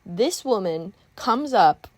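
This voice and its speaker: A young woman chatting casually while painting, telling a work storytime in an animated, exclamatory rant. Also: mid-range voice, slow, no room sound. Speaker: art vlogger telling a story time.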